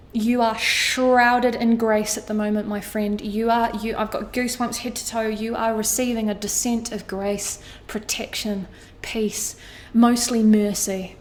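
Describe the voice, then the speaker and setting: A woman reads tarot for her viewers in an astrology monologue, earnest and emotional, repeating phrases often and swearing casually. Her voice is fairly high, with little pitch movement and an unhurried pace.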